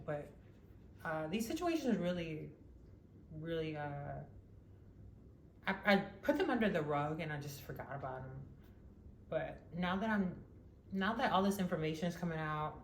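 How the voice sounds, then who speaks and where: A young woman telling a personal story in a casual monologue, rambling with many fillers and frequent laughs. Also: sits low. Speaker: vlogger. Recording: echoey room with faint noise.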